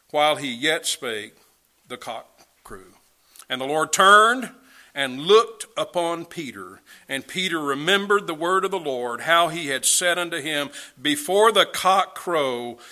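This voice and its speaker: Bright-voiced man preaching a sermon. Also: on the high side. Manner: dramatic, rising and falling delivery with emphatic questions. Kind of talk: sermon reading scripture.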